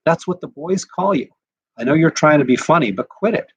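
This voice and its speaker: A man's voice: fairly high pitch, lively intonation, fairly quick, breathy edge, dry recording, pitched above the performer's own voice. A man voicing a patronizing teenage boy lecturing his younger brother.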